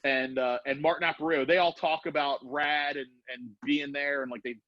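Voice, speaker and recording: A middle-aged man tells a long, swear-laden anecdote in a fairly high, lively voice. He slips into voices for the people in his story. The recording is dry and dull, like lo-fi podcast audio. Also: a little fast, dry recording. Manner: profane, animated, acts out voices in anecdotes. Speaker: podcast guest, former BMX rider. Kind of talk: casual storytelling.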